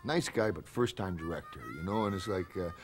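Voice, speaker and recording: A man as a talk show guest, telling animated stories and laughing often. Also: low voice, a little fast, soft background music. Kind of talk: animated storytelling.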